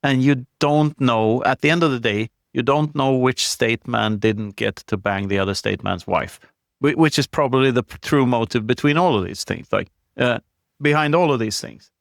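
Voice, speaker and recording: A man's voice: mid-range voice, normal speed, creaky, no echo, clean studio sound. A man speaking as a podcast guest, blunt and opinionated, laughing often and swearing freely. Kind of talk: casual conversation.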